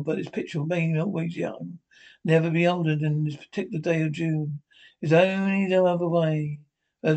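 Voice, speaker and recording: A man reading aloud, voicing a young, vain gentleman who speaks in a plaintive, pleading way. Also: on the high side, close to an everyday voice.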